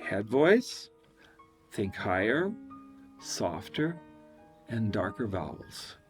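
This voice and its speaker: Male singing teacher, lively pitch, jumps into high falsetto demos, light guitar underneath. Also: very slow. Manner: animated, demonstrates with high falsetto whoops and laughs. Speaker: vocal coach. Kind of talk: singing lesson with sung demonstrations.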